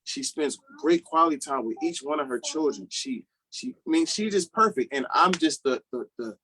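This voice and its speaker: A man's voice: on the high side, expressive, moderate pace, pushed and bright, slight background noise. Earnest Chicago father, stumbling repeats. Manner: earnest, repeats words, slangy. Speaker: guest, father. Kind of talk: casual podcast interview.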